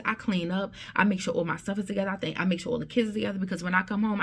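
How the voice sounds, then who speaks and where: A middle-aged woman vlogger telling a personal story in a casual, conversational way, often checking in with "right?" and restarting her sentences. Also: fairly low pitch. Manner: conversational, tag questions and restarts.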